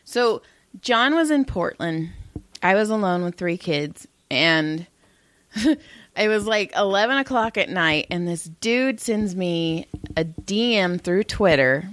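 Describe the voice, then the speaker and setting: A woman's voice: lowish voice, takes it slowly, no echo. A woman in her thirties co-hosting a podcast, telling a story with lots of swearing and laughter. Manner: profane, animated storytelling, laughing. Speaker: podcast co-host. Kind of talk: casual chat.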